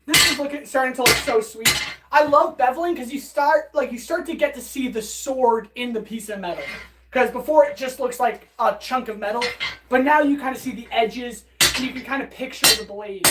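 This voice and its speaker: Breathless, upbeat woman blacksmith chatting to her stream, high voice, mic set back from her, loud workshop noise under it. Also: normal speed, recorded from a distance. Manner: upbeat and chatty, greets viewers in chat. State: out of breath from hammering. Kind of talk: casual live-stream narration while forging.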